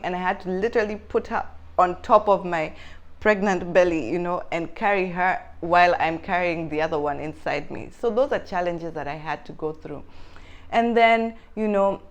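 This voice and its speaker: A young woman vlogging about motherhood, talking candidly and earnestly straight to her viewers. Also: mid-range voice. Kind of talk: heartfelt advice vlog.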